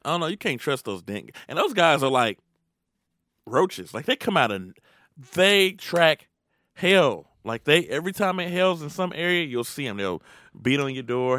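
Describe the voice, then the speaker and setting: A man co-hosts a casual podcast, with a lively, bouncing delivery and a constant stream of jokes and swearing. He mimics other people while he talks. The sound is close and dry, with no room tone. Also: mid-range voice, moderate pace, no room sound. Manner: animated, joking, swears a lot, mimics people. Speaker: podcast co-host. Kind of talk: casual profane chat.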